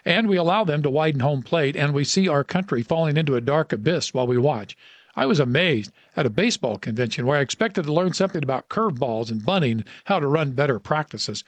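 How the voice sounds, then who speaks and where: A man hosting a radio segment, reading an inspirational story aloud with earnest emphasis and dramatic pauses. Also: a little high, lively intonation, no echo.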